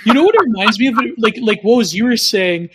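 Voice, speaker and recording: A man in casual podcast chat, agreeable and quick to chuckle. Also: sits high, expressive, fairly bright tone, breathy edge.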